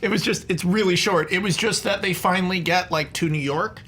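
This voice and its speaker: A man's voice: brisk, slight background noise. A man on a panel debate show, eagerly rambling through ideas and arguments. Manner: excited, rambling pitches, laughs a lot.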